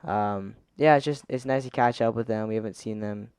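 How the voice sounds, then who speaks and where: Chill teen podcast guy, kinda hesitant, super smooth clear voice, dry mic. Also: on the low side, fairly quick, dry recording. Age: teens. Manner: relaxed, hesitant, trails off. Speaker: podcast co-host. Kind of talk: casual chat.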